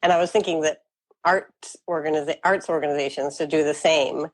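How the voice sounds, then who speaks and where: Low-voiced woman interviewer, hesitant and giggly. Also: fairly even intonation, fairly quick, rough recording. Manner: hesitant, apologetic, laughs often. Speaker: interviewer host. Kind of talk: conversational interview.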